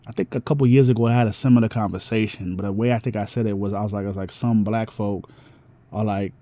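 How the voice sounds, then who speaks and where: Man vlogger, casual rambling monologue, mellow voice, dry sound. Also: mid-range voice, no echo. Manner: rambling, with restarts and slang.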